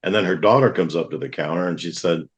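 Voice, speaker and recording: A man's voice: low voice, fast. A middle-aged man, a guest on a talk show, earnestly telling a personal testimony and acting out what others said. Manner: earnest, vivid retelling with acted-out quotes.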